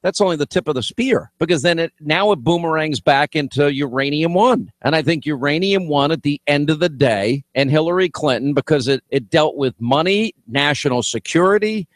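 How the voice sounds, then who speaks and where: A man hosting political talk radio, brash and animated, often restarting his sentences as he banters. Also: on the high side, moderate pace, hardly any pauses, dry recording.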